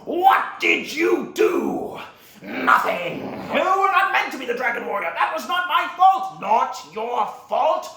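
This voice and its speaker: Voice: mid-range voice, animated, moderate pace, echoey room, voice pushed down, natural voice. A performer voicing a bitter, vengeful male snow leopard warrior who hurls accusations. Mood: furious. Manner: shouting accusations.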